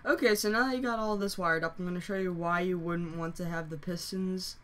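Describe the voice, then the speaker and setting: Hoarse, rambling game tutorial host. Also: mid-range voice, steady tone, fairly quick, a bit bright. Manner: rambling, self-correcting, many fillers. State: losing voice, hoarse. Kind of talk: casual screen-recorded tutorial.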